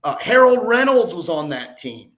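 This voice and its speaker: A man in his forties, a podcast guest and sports reporter, telling animated, self-deprecating stories in a rambling way. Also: high voice, moderate pace. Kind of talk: casual storytelling.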